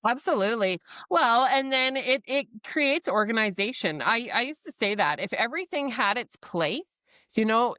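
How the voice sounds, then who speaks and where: A woman with a fairly high, a bit bright voice, recorded with no room sound, hosts a farm podcast in a casual interview format. A former farmer, she's frank and chatty, poking fun at her own past mistakes.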